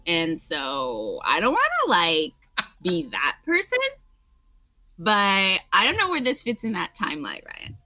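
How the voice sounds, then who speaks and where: Woman, casual game commentary, joking, animated pitch, dry sound. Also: a little slow, dry recording. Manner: chatty, joking, laughs often. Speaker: game streamer. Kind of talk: casual let's-play chat.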